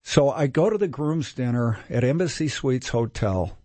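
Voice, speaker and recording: A man in his sixties from Minnesota, telling his recovery story in a candid, self-mocking, animated way. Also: medium pitch, moderate pace, no room sound. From Minnesota, USA. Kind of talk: casual storytelling.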